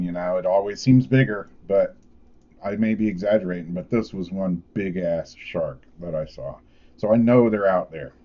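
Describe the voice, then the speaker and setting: A man's voice: low voice, dull audio. A man vlogging, telling a casual story in a laid-back, rambling way with lots of fillers.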